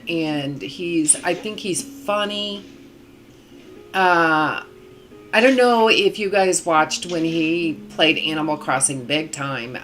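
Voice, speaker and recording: A woman's voice: lowish voice, a bit bright, a little hiss or hum. Rambling middle-aged woman streamer. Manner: rambling, with many ums and restarts. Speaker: game streamer. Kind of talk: casual live-stream chat.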